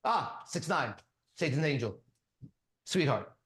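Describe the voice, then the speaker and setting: Emphatic high-voiced male preacher, echoey room. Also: big pitch swings, slow, a bit bright. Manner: emphatic, commanding, repeats phrases. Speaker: spiritual teacher. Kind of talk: preaching to a listener.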